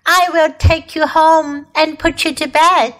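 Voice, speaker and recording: Listen to a caring young child from a storybook, voiced a touch higher and brighter than the narration, as a woman puts the voice on. The child speaks in eager, slightly scolding bursts, then repeats the line in a second language. The delivery is slow and clear, as if for small children. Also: flat delivery. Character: caring young child looking after a pet tiger.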